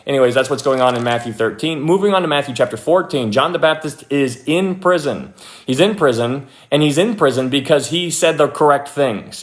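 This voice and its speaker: A young man giving an informal Bible talk, chatty and full of fillers, getting animated as he acts out little scenes. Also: fairly high pitch. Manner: informal, many fillers like "like" and "you know", animated when acting out scenes. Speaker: Bible teacher. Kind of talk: casual Bible study talk.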